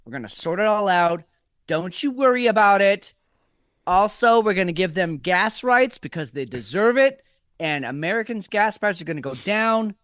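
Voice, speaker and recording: A man doing a loud, boastful impression of a president who keeps reassuring everyone and repeating himself. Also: sits high, lively intonation, moderate pace, dry recording, clean studio sound, pitched above the performer's own voice. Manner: bragging, reassuring, repetitive.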